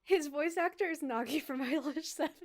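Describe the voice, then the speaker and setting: A woman co-hosting a podcast, chatting casually about anime. She is excitable and giggly. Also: sits high, brisk. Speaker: podcast co-host. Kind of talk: casual anime review chat.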